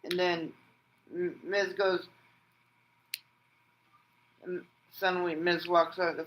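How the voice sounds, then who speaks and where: A man hosting a wrestling vlog, narrating an imagined match like play-by-play and shouting out the pin counts. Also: sits high, flat delivery, slow, long pauses, slight background noise, rough recording. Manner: breaks into loud shouted pin counts and move calls; rambling, restarts sentences with "and then". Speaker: wrestling vlogger host. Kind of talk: excited fantasy-booking play-by-play.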